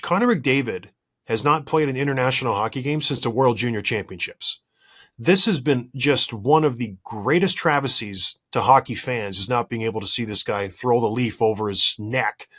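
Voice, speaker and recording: A man co-hosting a podcast, telling a story in an animated, exasperated and self-deprecating way. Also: medium pitch. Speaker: podcast co-host. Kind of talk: casual podcast chat.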